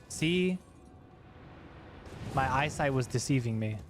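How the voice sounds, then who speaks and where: A man's voice: mid-range voice, moderate pace, faint music behind. A young man casually chatting while streaming a video game, rambling, swearing and laughing at himself. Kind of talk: casual gaming chat.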